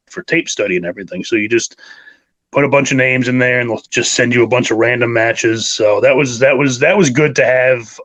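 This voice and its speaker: An enthusiastic man in his thirties from New York, talking through his memories in a loose, rambling way, full of fillers and restarts. His voice sits at an ordinary middle pitch for a man. He sounds like a guest chatting into a podcast mic. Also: a bit bright, low-quality recording. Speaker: wrestler guest. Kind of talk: casual interview.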